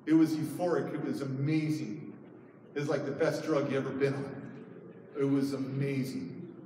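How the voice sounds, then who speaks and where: A man's voice: medium pitch, fairly even intonation, normal speed, warm tone, slight background noise. A middle-aged man giving a personal storytelling speech at a conference, emotional, his voice rising sharply when he retells arguments. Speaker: conference speaker. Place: large conference hall. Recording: echoey hall, heard from far off.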